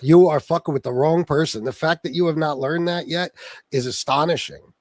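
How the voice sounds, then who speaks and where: A man's voice: a little high, normal speed, dry recording. A man hosting a livestream, delivering a profane, taunting rant aimed at someone he insults by name. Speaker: livestream host.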